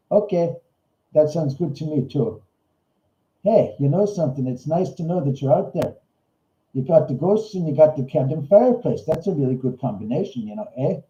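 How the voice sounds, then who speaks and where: A man's voice: fairly high pitch, mellow. A man voicing a goofy male Canadian ghost investigator with a put-on Canadian accent, joking and ending lines with "eh". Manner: jokey, ends lines with "eh", calls people hosers. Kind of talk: comic bit on a livestream. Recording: roomy, slightly dull livestream audio.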